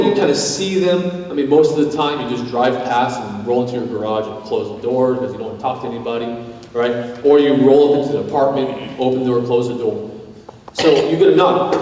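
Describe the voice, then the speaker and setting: Male pastor, lively sermon storyteller, mellow voice, recorded at a distance in a reverberant hall. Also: mid-range voice. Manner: animated, acts out scenarios in quoted voices. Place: church sanctuary. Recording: echoey church hall, mic heard from a distance.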